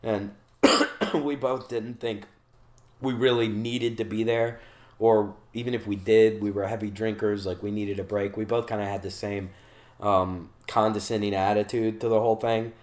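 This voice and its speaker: A man's voice: lowish voice, flat delivery, moderate pace, a little mellow. A man from Charleston, South Carolina, casually telling a long story about his time in rehab. He swears freely and slips into voices for the people he quotes. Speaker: guest recounting his rehab stay.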